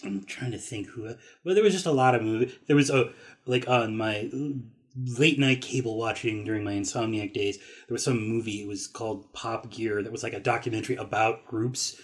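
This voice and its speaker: A man's voice: on the low side, normal speed. A man guesting on a podcast, chatting casually about films and agreeing often. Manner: relaxed, agreeable, frequent short affirmations. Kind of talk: casual film discussion.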